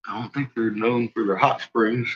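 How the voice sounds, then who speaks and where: Male streamer, husky voice, rambling and profane, muffled lo-fi mic. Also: mid-range voice, steady tone, moderate pace. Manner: rambling, profane, laughs often. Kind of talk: casual chat with viewers.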